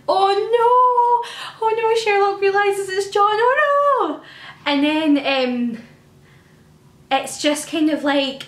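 A young woman pours out her feelings in an effusive, emotional fan chat to camera. Her voice sits on the high side, and the recording carries a roomy echo. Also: fairly bright tone. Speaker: vlogger.

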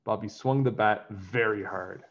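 A man reading a children's picture book aloud in an animated storytelling way. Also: lowish voice, measured pace, muffled recording.

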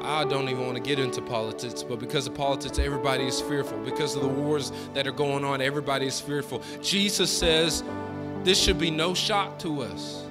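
A man preaching a sermon as pastor, with folksy, colloquial phrasing and call-and-response lines that build to fervent shouting. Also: mid-range voice, fairly even intonation, fairly quick, in a large hall, loud music behind the voice. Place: church sanctuary.

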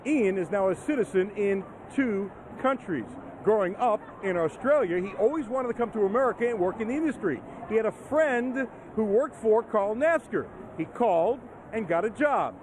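A man's voice: high voice, a little hiss or hum. A man reporting a news feature, telling the story in a friendly storytelling manner. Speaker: sports reporter.

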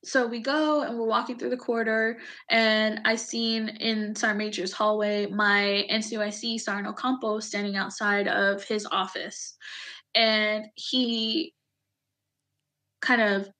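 A woman in her thirties, an Army veteran, speaks in an interview at an ordinary mid pitch. She tells her story haltingly and with feeling, with fillers and restarts that trip through her sentences. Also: sharp tone.

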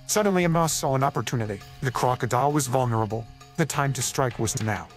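A man's AI-cloned voice giving deadpan scripted storybook narration full of crude jokes. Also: medium pitch, quick pace, faint music behind.

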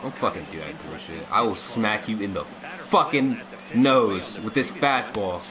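A young man streaming a baseball video game, yelling and cursing at it, then dropping to mutters and trash talk. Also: lowish voice, a little slow. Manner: loud, profane, swings between yelling and muttering. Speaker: gaming streamer. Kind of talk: raging gameplay commentary. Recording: game crowd noise behind.

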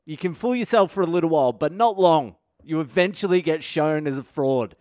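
A man's voice: a little high, fairly quick, darkish tone, dry recording, clean studio sound. A man, a comedian and podcast host, telling a self-deprecating story with lots of swearing. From Australia.

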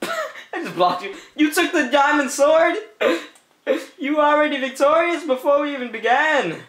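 A man's voice: very high voice, sing-song, measured pace, a bit bright, roomy sound. A man giving playful let's-play commentary, teasing the other players and often breaking into laughter with goofy repeated calls. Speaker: gameplay commentator.

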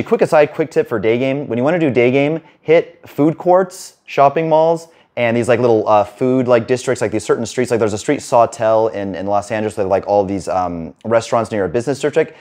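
A man working as a dating coach, talking fast and rambling in a casual monologue to camera, with some swearing. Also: medium pitch, a little mellow. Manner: rapid, rambling, casual with profanity.

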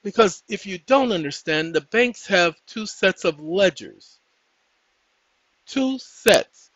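A man hosting his own channel, talking viewers through a casual tutorial in a folksy, preachy way, often calling them ladies and gentlemen. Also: high voice, animated, slow pace, no room sound. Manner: breaks off to talk to his dogs. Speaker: channel host. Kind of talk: casual screen-share tutorial. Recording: dull dry lo-fi sound.

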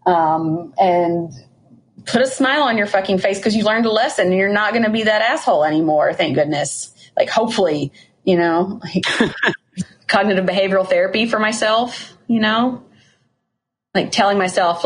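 A woman's voice: mid-range voice, moderate pace. A woman co-host on a casual podcast. She speaks frankly and candidly, often poking fun at herself. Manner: frank, candid, self-deprecating.

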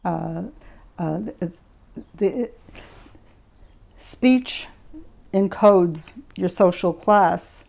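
A woman's voice: lowish voice, drawn-out words, gravelly, long pauses, a little mellow. An older woman from Brooklyn with a Brooklyn accent, a professor being interviewed as a guest. She tells stories from her life in a reflective way and often restarts her sentences. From Brooklyn, New York. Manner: reflective, with frequent self-restarts. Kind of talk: conversational interview storytelling.

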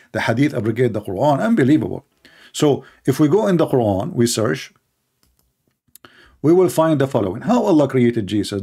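A man's voice: mid-range voice, mellow. Sarcastic man in emphatic commentary. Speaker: religious debater. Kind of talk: polemical commentary.

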